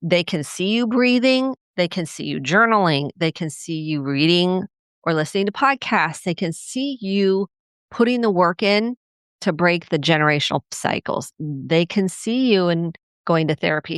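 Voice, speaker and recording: A woman's voice: lively intonation, normal speed, clean tone, no room sound, studio quality. A middle-aged woman, a family therapist, hosting a solo podcast and talking earnestly and reflectively about family life. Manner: earnest, reflective, acts out quoted parents in a higher voice.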